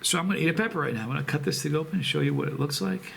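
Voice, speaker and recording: A man speaks in a gravelly, slightly raised voice, circling back and restarting as he talks straight to the camera. His manner is heartfelt and rambling, with faint noise in the background. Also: on the high side, a bit bright. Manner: rambling, halting, emotional, many restarts. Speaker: chili pepper channel host. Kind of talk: casual vlog talk to camera.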